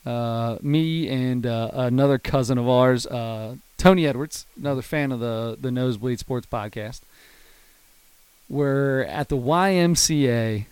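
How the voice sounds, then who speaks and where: A man's voice: mid-range voice, a little slow, clear, resonant tone, dry recording. A man in his thirties, a podcast co-host, telling a funny story in casual chat. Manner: animated storyteller, laughs hard at his own story.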